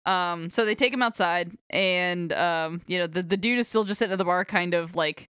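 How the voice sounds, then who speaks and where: A woman's voice: fairly low pitch, moderate pace, a bit bright, clean tone, no room sound, studio quality. A woman chatting casually, recapping a book with lots of fillers and frequent giggles. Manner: giggly, rambling with many fillers. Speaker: podcast co-host recapping a book. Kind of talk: casual chat.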